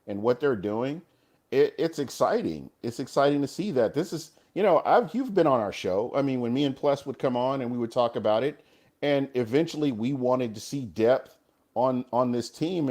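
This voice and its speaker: A man's voice: mid-range voice, a little mellow. A man co-hosting a casual sports talk show, agreeable and often restarting his words. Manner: agreeable, restarts words, uses "you know". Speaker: co-host.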